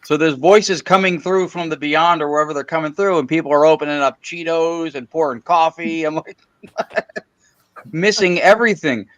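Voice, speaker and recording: A man, a paranormal investigator, explaining his group's sessions in casual, animated talk with little asides. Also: a little high, normal speed, dull audio. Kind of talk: casual chat.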